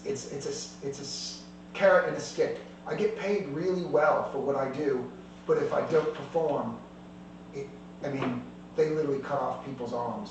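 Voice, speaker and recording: A man's voice: medium pitch, a little mellow, slight background noise, natural voice. A man voicing a panicked male merchant caught smuggling, who stammers and pleads, recorded from a distance in an echoey room.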